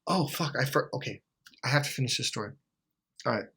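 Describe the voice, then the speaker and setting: A middle-aged man hosting a self-help video, telling a blunt, swear-heavy story in an animated monologue. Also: medium pitch, a little fast, creaky, slightly rough.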